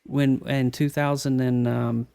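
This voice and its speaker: A man hosting a casual panel chat, drawn-out and enthusiastic in his reactions. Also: medium pitch, little pitch movement, creaky, a little mellow, smooth. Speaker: host.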